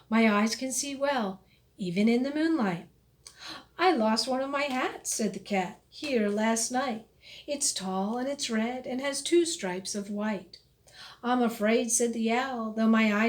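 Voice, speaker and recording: A woman reading a rhyming picture book aloud in a slow, expressive storytelling voice. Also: on the high side. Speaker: storybook reader.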